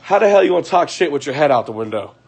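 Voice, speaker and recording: A man's voice: a little high, big pitch swings, racing, creaky, a little mellow, breathy edge. A man ranting casually on a livestream at home at night, profane and heated, repeating himself and breaking into laughter.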